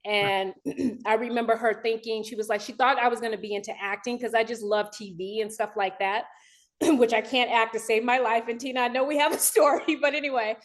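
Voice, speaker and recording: An American woman from the Los Angeles area, speaking in an interview with animated, emotional talk and frequent restarts. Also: fairly high pitch, fairly quick. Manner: animated, laughing, restarts often. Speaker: guest dancer and director.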